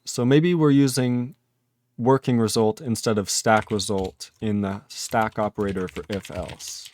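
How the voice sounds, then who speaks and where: A man's voice: fairly low pitch, steady tone, a little slow, a little mellow, a little hiss or hum. A man live-streaming his programming work, thinking aloud in casual talk, chuckling often and chatting with his viewers.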